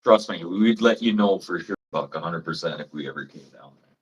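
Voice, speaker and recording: Deep-voiced Canadian guy ranting casually. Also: brisk, breathy edge, highs cut off. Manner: swears freely, rambling and blunt; mocks people in high put-on voices. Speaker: livestream host. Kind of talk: casual live chat with viewers.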